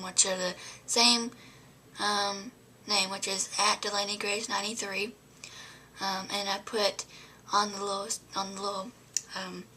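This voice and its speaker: A woman's voice: medium pitch, sharp tone, slight background noise. A young adult woman vlogging, telling a story to camera in a rambling way, full of fillers and often dropping to a whisper.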